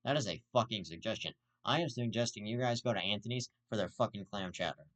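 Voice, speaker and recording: A fast-talking man with a fairly low pitch, lively intonation and a fairly bright tone hosts his own show. His commentary is a blunt, profanity-laden rant that keeps looping back to the same insult.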